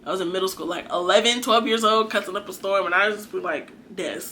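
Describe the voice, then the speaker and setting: A woman's voice: medium pitch, fairly even intonation, fast, sharp tone, slight background noise. A young adult woman giving an earnest, chatty faith talk to her viewers, exhorting and conversational. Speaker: faith vlogger. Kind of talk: casual preachy monologue.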